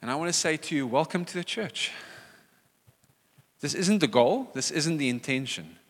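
A pastor delivers an animated sermon, his voice bright and pitched a little high, swinging widely up and down. A long echo from the church hall trails behind each phrase. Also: normal speed. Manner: animated, acts out quoted voices.

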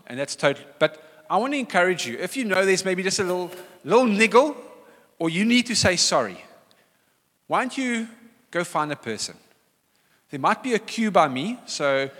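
A man's voice: high-pitched, a bit bright. A middle-aged male pastor preaching a sermon, emphatic and repeating key phrases for weight. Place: church hall. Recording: church hall reverb.

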